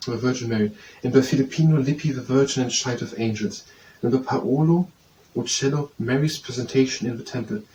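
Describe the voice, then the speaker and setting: A man's voice: medium pitch, fairly quick, warm tone. Man thinking aloud while memorizing, repeats himself, distant mic, faint hiss behind. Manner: repetitive self-quizzing, hesitant restarts.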